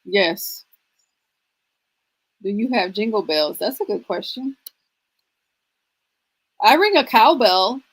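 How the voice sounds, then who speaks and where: A chatty woman co-hosts a relaxed livestream. She laughs often and greets viewers by name in a casual, easygoing way. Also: medium pitch, slow, pauses often, husky, poor audio. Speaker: livestream co-host.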